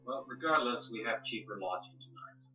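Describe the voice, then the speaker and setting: A man playing a tabletop game, brisk and casually swearing. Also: mid-range voice, expressive, sharp tone. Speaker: player. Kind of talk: tabletop role-play. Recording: echoey, dull mic with faint music.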